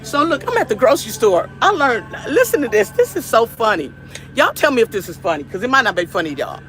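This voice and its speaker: Middle-aged American woman live-streaming, bright forceful voice, repeats her points emphatically. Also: on the high side, sing-song, fast talker, faint music behind. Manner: emphatic, repetitive and preachy. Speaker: livestream cooking host. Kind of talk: casual live-stream talk to viewers.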